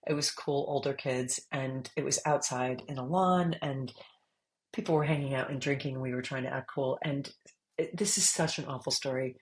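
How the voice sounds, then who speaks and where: Low-voiced woman telling a funny story. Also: moderate pace, poor audio. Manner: animated, laughing storyteller, squeals when retelling. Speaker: author guest. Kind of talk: casual storytelling interview.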